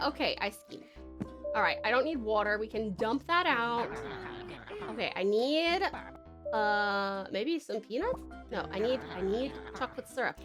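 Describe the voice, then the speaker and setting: A woman's voice: fairly high pitch, animated, measured pace, over music. An Australian woman from Tasmania streaming a game, frantic, swearing a lot and laughing often. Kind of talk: casual gameplay commentary.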